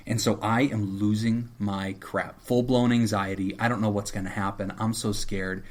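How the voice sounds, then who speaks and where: A man's voice: on the low side, normal speed, hardly any pauses. A middle-aged man, a therapist co-hosting a podcast, telling a story in casual chat and acting out the voices of the people in it. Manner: animated storyteller who acts out quotes.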